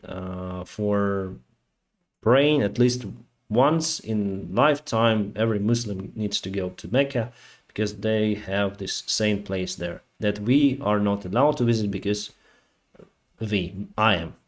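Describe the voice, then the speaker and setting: A man with a fairly low voice hosts a casual live stream. He tells stories in a loose, rambling way, full of fillers, and acts out the other people in them. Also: a little slow. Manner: rambling, with frequent fillers and acted-out quotes.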